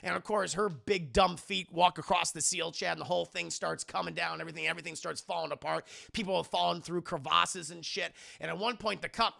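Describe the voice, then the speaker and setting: A man's voice: fairly high pitch, fairly even intonation, fairly quick, vocal fry, hardly any pauses, sharp tone. A young man streaming a casual, jokey movie recap, talking animatedly and acting out scenes. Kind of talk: casual profane chat.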